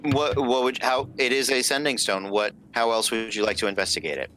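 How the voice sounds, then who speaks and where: A man's voice: mid-range voice, steady tone, brisk, bright, forceful tone, a little hiss or hum. A man narrating as game master of a tabletop game, loose and apologetic, with lots of fillers.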